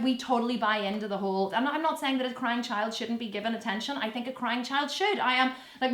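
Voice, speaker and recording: A woman's voice: high voice, echoey room. A woman in her thirties chatting bluntly and sassily to camera, swearing freely and mimicking people in playful voices. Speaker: fitness vlogger answering viewer questions. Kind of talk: casual direct-to-camera chat.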